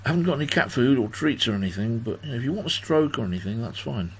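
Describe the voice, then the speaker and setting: A man's voice: medium pitch, lively intonation, quick pace, husky. Rambling, self-deprecating man in his sixties. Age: 60s. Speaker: host of a livestream birthday party. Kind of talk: casual chat. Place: at home.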